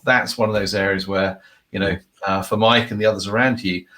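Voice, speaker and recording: A man's voice: mid-range voice, sharp tone. A man hosting an interview show, giving thoughtful coaching advice in long, reflective sentences. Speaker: podcast host.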